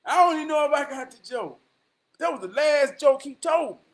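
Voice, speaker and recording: Man, high voice, loose motivational vlog ramble, drawling. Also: animated, a little fast. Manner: drawling, calls listener "man" often. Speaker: vlogger.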